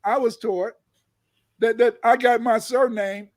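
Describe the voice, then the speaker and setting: A man giving an emphatic lecture and reading old notices aloud, repeating phrases, stuttering, and booming out key words. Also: fairly even intonation, measured pace. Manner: stutters and restarts.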